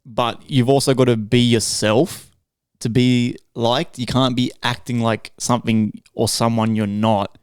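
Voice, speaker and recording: A man's voice: mid-range voice, fairly even intonation, a little slow, clean tone, dry recording, clean studio sound. A man co-hosting a podcast in casual chat, slangy and swearing. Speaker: podcast co-host.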